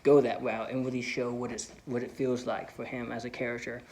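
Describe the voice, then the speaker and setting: A man's voice: medium pitch, level tone, brisk, a little mellow. Rambling, enthusiastic young-sounding film vlogger man. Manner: rambling, lots of "like" and "you know"; enthusiastic fan. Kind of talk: casual movie commentary.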